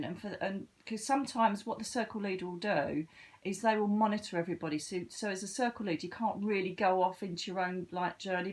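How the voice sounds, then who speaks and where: A woman, a psychic medium chatting to camera in a casual, animated storytelling way. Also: medium pitch. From Britain. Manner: chatty and animated, with sudden lively lifts of voice.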